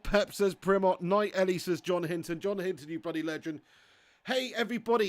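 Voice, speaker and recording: Excitable streamer man shouting. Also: high voice. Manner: excitable, shouting and laughing, swears freely. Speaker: gaming streamer. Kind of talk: live-stream commentary and chat reading.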